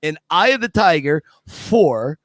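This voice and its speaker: A man from Scranton, Pennsylvania, a guest who tells stories excitedly, restarts often and acts out quotes. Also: on the high side, unhurried, no echo, clean studio sound. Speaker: guest, Rocky impersonator. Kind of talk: casual storytelling.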